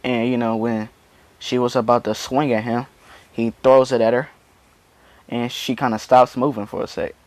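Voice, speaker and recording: A man's voice: medium pitch, level tone, normal speed, darkish tone, no echo. A man casually retelling a fan story, rambling and padding it with constant fillers. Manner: rambling, full of "you know" fillers.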